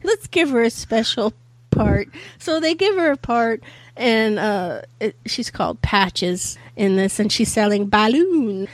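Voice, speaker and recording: A woman's voice: on the high side, no room sound. A woman chatting as a podcast guest, laughing often as she retells a favorite episode. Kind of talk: casual chat.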